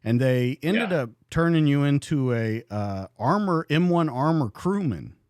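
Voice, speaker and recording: A man's voice: fairly high pitch, unhurried, no echo, studio quality. A man hosting a podcast, asking a guest about his past in a conversational way. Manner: lively, conversational, with fillers. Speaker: podcast host. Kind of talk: interview questions.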